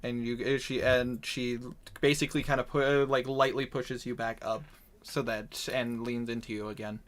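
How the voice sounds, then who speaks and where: A man narrating as dungeon master over voice chat, animated and quick to laugh. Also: mid-range voice. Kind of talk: narrating a tabletop game. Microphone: home microphone on voice chat.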